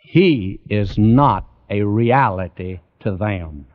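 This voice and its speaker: A man delivers a Bible sermon at an unhurried, deliberate pace, pleading earnestly with his listeners. His voice swells up in emphasis again and again. The sound is muffled and lo-fi, like an old radio broadcast. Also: on the low side, expressive. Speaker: preacher. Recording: dull lo-fi radio recording.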